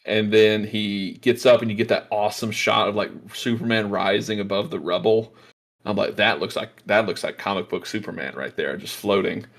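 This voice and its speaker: Low-voiced man excitedly retelling a movie. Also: normal speed. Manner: excited retelling, lots of fillers, acts out quotes. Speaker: podcast host. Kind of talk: casual movie review chat.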